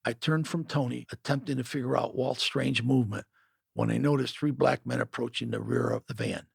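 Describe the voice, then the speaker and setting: A man's voice: medium pitch, steady tone, brisk, gravelly, slightly rough, dry recording, clean studio sound. A man narrating a first-person memoir in a gritty, matter-of-fact way.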